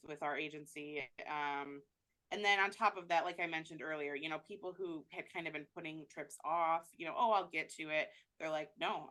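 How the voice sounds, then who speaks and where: A woman's voice: low voice, a bit bright. A woman travel agent answering interview questions in a chatty way, with many fillers and restarts.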